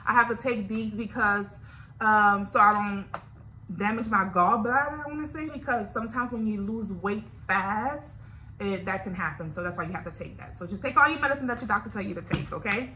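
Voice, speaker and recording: A woman's voice: mid-range voice, fairly quick, sharp tone, slight background noise, low-quality recording. A woman with a Louisiana accent, chatting candidly and directly to her viewers in a casual video diary. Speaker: vlogger. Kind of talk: casual chat to camera.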